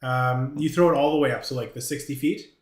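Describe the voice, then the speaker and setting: Man, game master, mid-pitched, halting delivery, echoey home mic. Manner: hesitant, many fillers and restarts. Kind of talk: narrating a tabletop game.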